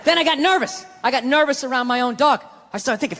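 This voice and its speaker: A man's voice: very high voice, fast, a little hiss or hum. Ranting, swearing stand-up comedian man. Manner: ranting, profane, shouting bursts. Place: large comedy venue on stage. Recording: live hall with loud audience. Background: audience laughter.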